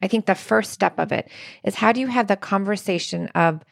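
Earnest woman co-hosting a podcast, creaky voice, tells stories with quoted lines, dry mic. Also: mid-range voice, a little fast, dry recording. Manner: earnest, warm storytelling with quoted dialogue. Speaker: podcast co-host. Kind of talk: casual relationship talk.

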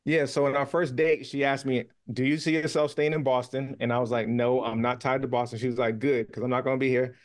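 A man's voice: mid-range voice, flat delivery, a little fast, few pauses. A man guest in a podcast interview, telling his story in an easygoing, conversational way. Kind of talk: casual interview talk.

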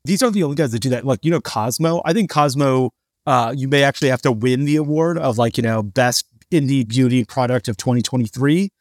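A man co-hosts a casual business podcast, sarcastic as he mocks people by imitating them. His voice sits at an ordinary middle pitch. It is recorded close and dry, with no room sound. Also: fast talker, no echo. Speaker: podcast co-host.

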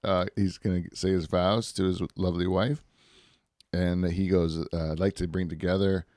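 Man, lowish voice, loose profane storyteller, close dry mic, laughs through his own bits. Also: flat delivery, normal speed, darkish tone, no echo. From Canada. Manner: rambling, profane, laughs often. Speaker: podcast co-host. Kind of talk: casual chat.

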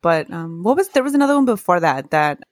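A woman's voice: on the low side, fast talker, no room sound, clean studio sound. A woman co-hosting a casual spooky podcast, telling stories with laughter and acted-out voices. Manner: animated, laughs often, acts out quoted voices. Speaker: podcast co-host. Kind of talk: casual chat, storytelling.

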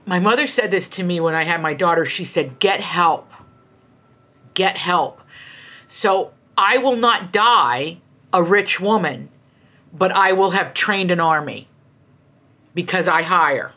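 A middle-aged woman author talks as an interview guest, her lowish voice bright and forceful. She tells stories candidly and emphatically, with animated asides and a driving push behind her words. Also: a little slow. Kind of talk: candid conversational storytelling.

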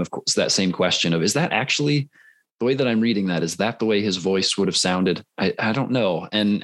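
Deep-voiced earnest male podcast host. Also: a bit bright, dry recording. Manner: earnest, curious, halting with restarts. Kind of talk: conversational podcast interview.

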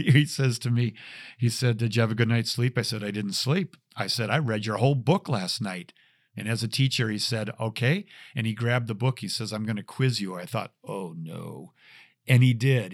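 A middle-aged man hosting his own show, telling a personal story in an earnest, halting way, repeating words and filling gaps with "uh". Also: medium pitch, no echo, clean studio sound. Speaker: radio show host.

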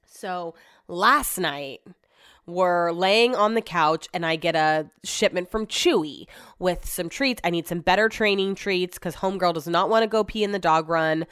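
A woman's voice: fairly low pitch, unhurried, a bit bright, clean tone, no echo, clean studio sound. A woman hosting a podcast from home, talking in a rambling, casual way and swearing freely. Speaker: podcast host. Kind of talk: casual solo chat.

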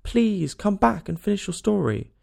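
A man's voice: high-pitched, sing-song, moderate pace, vocal fry, a little mellow, voice pushed up, full character voice. A man voicing a polite, curious young girl in a storybook, speaking humbly and eagerly. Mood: pleading.

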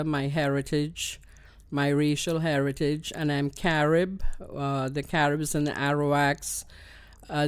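Woman, Trinidadian accent, interview guest, earnest and explanatory, smooth voice. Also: deep voice, darkish tone, dry recording. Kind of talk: conversational interview.

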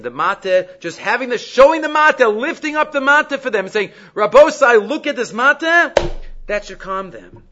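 A man teaching a Torah lesson, his voice high and bright, quoting Hebrew passages and unpacking them in English. The recording sounds dull and lo-fi. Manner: animated, mixes Hebrew quotes with English explanation. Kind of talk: Torah class lecture.

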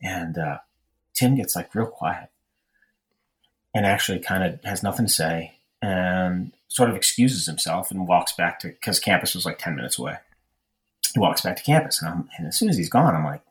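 A man's voice: sits low, expressive, normal speed, a bit bright. A young man telling a long personal story in a casual chat, rambling with lots of fillers and restarts. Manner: rambling, self-deprecating, frequent fillers and restarts. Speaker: podcast storyteller.

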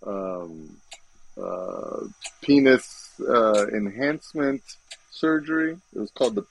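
A man's voice: lowish voice, sing-song, slow pace, vocal fry, a little hiss or hum, low-quality recording. A man co-hosting a podcast, talking loosely with profanity and laughing asides. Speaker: podcast co-host. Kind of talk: casual chat.

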